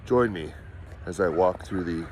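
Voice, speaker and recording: A man's voice: low voice, unhurried, darkish tone, slight background noise. A man doing sarcastic commentary for his vlog while walking outdoors through the woods, mocking in tone with chuckling asides. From Canada. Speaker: vlogger.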